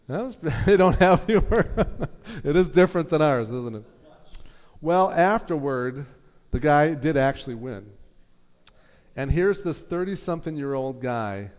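Man preaching in a reverberant hall. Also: fairly high pitch. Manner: storytelling with lively quoted voices. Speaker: pastor. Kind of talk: sermon. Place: church hall.

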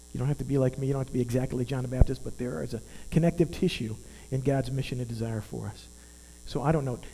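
Man in his fifties, earnest preacher, mellow darker tone, long hall reverb, low mains hum. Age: 50s. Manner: earnest, conversational, asks the audience questions. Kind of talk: sermon.

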